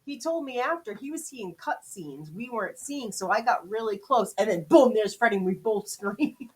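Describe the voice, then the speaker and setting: Expressive, fairly high-voiced woman. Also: normal speed, breathy edge. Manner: expressive, jumps pitch when quoting herself, laughs often. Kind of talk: casual storytelling chat.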